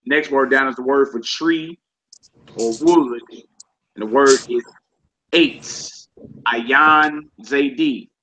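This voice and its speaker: Man teaching a relaxed online class. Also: medium pitch, slow pace, pauses often. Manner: relaxed, repeats each word aloud, slangy asides. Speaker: Hebrew teacher. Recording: slightly dull lo-fi with faint noise.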